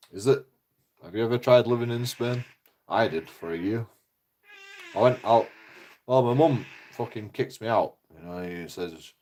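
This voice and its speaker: A man's voice: fairly low pitch, moderate pace, darkish tone. A man, ranting casually in a rambling, foul-mouthed way. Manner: rambling, heavy swearing. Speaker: vlogger. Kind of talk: casual rant.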